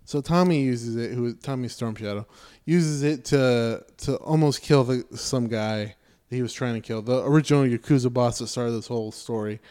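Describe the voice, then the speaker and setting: Mellow-voiced man, animated storyteller. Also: medium pitch, normal speed, smooth. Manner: animated retelling, acts out characters' lines with sarcasm. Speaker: podcast co-host reviewing a movie. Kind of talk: casual profane chat.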